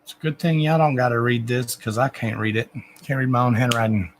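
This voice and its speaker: A man's voice: medium pitch, brisk, a little hiss or hum, poor audio. A man hosting a live psychic reading stream, chatting in a rambling, casual way, swearing now and then and talking to his pets.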